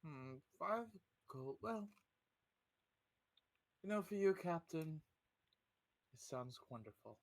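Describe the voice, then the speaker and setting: Man as a polite, sly vermin inspector, soft-spoken and slightly high. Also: animated, slow pace, long pauses, dry recording. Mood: smooth. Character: smooth-talking male inspector who rids ships of vermin, polite and businesslike.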